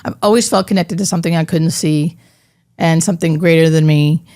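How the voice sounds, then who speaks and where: A middle-aged woman, a hospice nurse, telling a personal story in an interview, halting and emotional, with many fillers. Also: sits low, warm tone, dry recording, studio quality.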